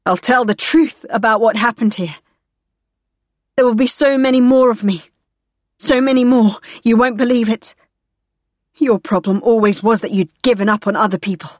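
A woman voicing a desperate, cornered young woman on the run, with a rasping, hissing delivery in a storybook reading. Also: medium pitch, steady tone, normal speed, no echo, lightly acted. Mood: defiant. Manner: tense, defiant.

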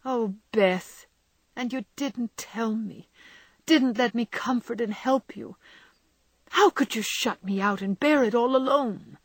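A woman's voice: mid-range voice, expressive, normal speed, dry recording. A woman voicing a headstrong, passionate young woman, speaking with raised, pleading intensity. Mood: reproachful. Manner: impassioned and pleading.

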